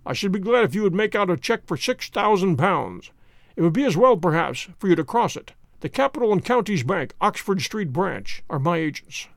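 A man voicing a calm, precise male detective who speaks in a cold, measured way. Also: sits high, gravelly, no echo, studio quality, heavily acted. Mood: cool.

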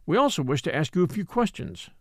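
A man's voice: a little high, big pitch swings, fast, dry recording, studio quality. A man reading the part of a formal, severe middle-aged French magistrate. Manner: formal, polite but severe. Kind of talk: audiobook character reading.

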